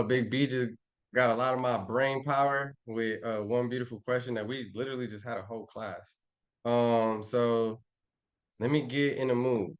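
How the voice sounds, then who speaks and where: A man teaching a casual live trading class, rambling and slangy, thinking out loud as he charts on a shared screen. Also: mid-range voice. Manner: rambling, slangy, talks to himself while charting. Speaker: trading instructor.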